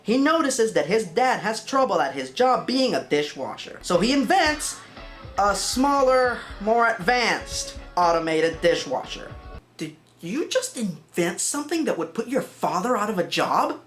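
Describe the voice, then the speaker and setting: Snarky lady doing a movie review, lively voice, faint music underneath. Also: mid-range voice, normal speed, hardly any pauses. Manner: sarcastic, exasperated. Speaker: film reviewer. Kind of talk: comedic review narration.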